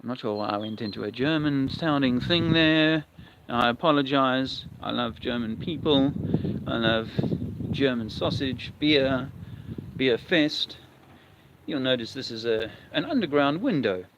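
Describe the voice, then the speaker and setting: A man livestreams as he walks outside, rambling along in a wry, casual way. He speaks a little slowly in a mid-range voice. The lo-fi outdoor recording is dull, with faint noise.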